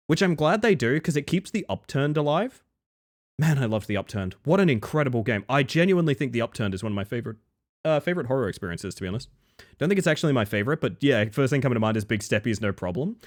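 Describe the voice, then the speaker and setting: A young man chatting casually with his viewers on a livestream, animated and profane. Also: medium pitch. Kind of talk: casual stream chat.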